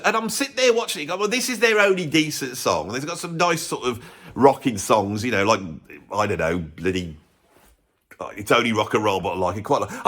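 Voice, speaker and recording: A man's voice: medium pitch, bright, forceful tone. A man hosting a music channel, ranting his blunt opinions in casual talk to camera with chuckling asides.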